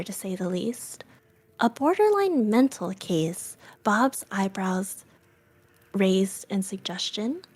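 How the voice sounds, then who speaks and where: A woman reading a spooky story aloud, narrating in a soft, often whispery voice. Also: mid-range voice.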